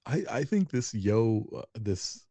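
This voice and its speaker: A man's voice: lowish voice, big pitch swings, slow, mellow, no room sound. A man co-hosting a wrestling podcast in casual, laid-back chat. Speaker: podcast co-host.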